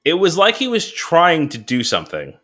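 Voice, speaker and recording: A man's voice: on the high side, huge pitch swings, normal speed, bright, forceful tone. A man co-hosting a podcast, chatting casually and acting out his own reactions with laughs. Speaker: podcast co-host. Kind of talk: casual chat.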